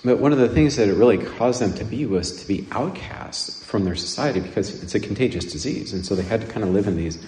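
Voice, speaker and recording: A man from Nebraska gives a chatty, rambling sermon, halting often to restart his thoughts. His voice sits a little low. It rings through a roomy church with a long reverb and faint background noise. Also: expressive, darkish tone. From Nebraska, USA. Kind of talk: conversational homily.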